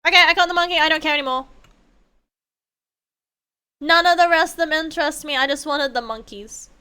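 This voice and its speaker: A young woman streaming a game, chatting casually in a rambling way, swearing freely and breaking into excited outbursts. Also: sits high, a little fast. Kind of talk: casual gameplay chat.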